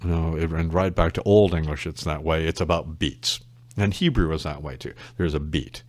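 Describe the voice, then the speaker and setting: A man's voice: rumbling low, steady tone, moderate pace, no room sound. A man, an English literature professor speaking as a guest on a casual podcast interview, thoughtful and wry, wandering into side stories. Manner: thoughtful, wry, digressive explainer.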